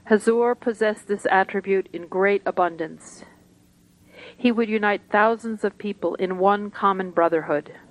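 A woman reads a spiritual talk aloud at a gathering, taking it slowly and deliberately. Her voice sits at an ordinary middle pitch for a woman, steady and measured. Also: low-quality recording. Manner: slow, deliberate, measured reading.

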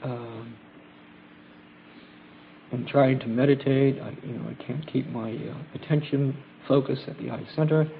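A man of middle pitch talks in a halting, reflective way, stopping often for fillers and restarts. His voice has a gravelly edge. The recording is a dull, lo-fi tape with faint hiss under it. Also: steady tone. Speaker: group member sharing trip experiences. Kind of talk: casual spoken testimony at a gathering.

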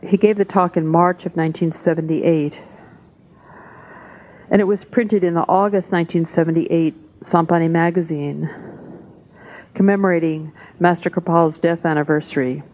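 A woman reading devotional texts aloud at a spiritual gathering, in a measured, solemn way. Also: fairly low pitch, steady tone. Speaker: satsang reader. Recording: tinny phone-like audio.

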